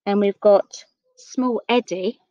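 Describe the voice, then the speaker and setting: A woman reading a picture book aloud to children, gentle and unhurried, with questions for her listeners. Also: medium pitch, no room sound, dull audio. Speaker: storyteller.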